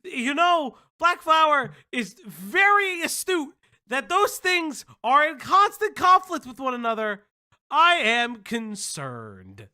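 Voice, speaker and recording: A man's voice: extremely high pitch, big pitch swings, takes it slowly, pushed and bright. A man hosting a live reaction stream, mocking what he watches with incredulous remarks and bursts of laughter. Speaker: commentary stream host.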